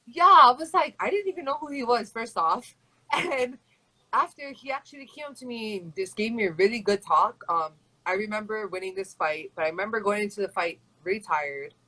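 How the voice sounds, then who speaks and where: A woman's voice: medium pitch, animated, brisk, bright, forceful tone, poor audio. A young woman from Hawaii, a fighter chatting in an interview with a rambling, casual flow. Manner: chatty and rambling, full of "like" and "you know". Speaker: MMA fighter and guest.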